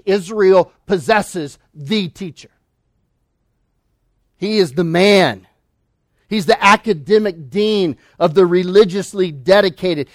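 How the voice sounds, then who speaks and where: A man preaching a sermon, emphatic, asking rhetorical questions and swinging between loud declarations and hushed asides. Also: high-pitched, dry recording, studio quality. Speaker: pastor.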